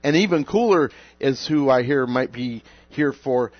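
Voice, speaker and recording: A man's voice: medium pitch, lively intonation, measured pace, no echo. A man hosting a radio talk show, casual and joking, chatting and reading sponsor mentions. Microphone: studio microphone. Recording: dull lo-fi radio audio.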